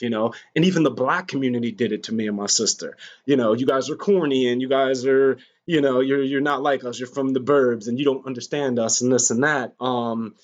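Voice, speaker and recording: A man speaking candidly in an interview, telling personal stories in a rambling way with frequent fillers and restarts. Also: medium pitch. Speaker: guest recounting personal experiences. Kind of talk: candid conversational storytelling. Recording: dull lo-fi recording.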